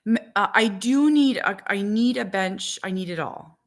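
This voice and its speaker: A woman's voice: mid-range voice, normal speed. A woman in her forties chatting casually to viewers as a vlogger and mother of four, rambling with lots of "like". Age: 40s. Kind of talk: casual chat to live viewers.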